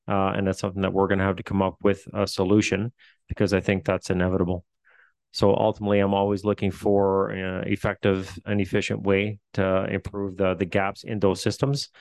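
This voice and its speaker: A man's voice: deep voice, no room sound. A man with a Newfoundland accent, a facilities administrator answering questions at a meeting, hesitant with many fillers and restarts.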